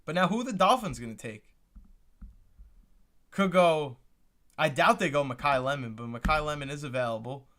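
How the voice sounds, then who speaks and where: A young man hosts a live reaction stream, full of exclamations and repeated lines. His voice sits high for a man and has a bright, forward edge. He keeps turning to talk to his chat. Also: lively intonation, moderate pace, pauses often. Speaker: livestream host reacting to the draft.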